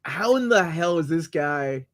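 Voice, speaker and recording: An enthusiastic man in his forties co-hosts a casual film chat, tripping over his words as he gets excited. His voice sits somewhat high for a man. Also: a little slow. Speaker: podcast co-host. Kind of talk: casual movie review chat.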